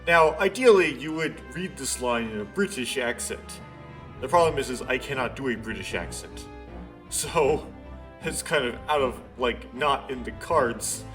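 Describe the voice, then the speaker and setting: A man's voice: medium pitch, lively intonation, a little slow, a bit bright. A man giving rambling, offhand commentary while playing a story game, over game music. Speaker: let's-play commentator. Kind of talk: casual gameplay commentary.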